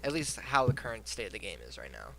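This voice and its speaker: Lively, bright-voiced man telling a story. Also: fairly low pitch, fast talker, creaky, slight background noise. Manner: animated storytelling, swears casually. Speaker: podcast host. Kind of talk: casual podcast chat.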